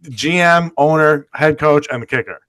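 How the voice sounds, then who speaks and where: A man's voice: a little high, normal speed, dry recording. Profane man arguing football. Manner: swearing, animated arguing. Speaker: podcast co-host. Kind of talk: casual sports chat.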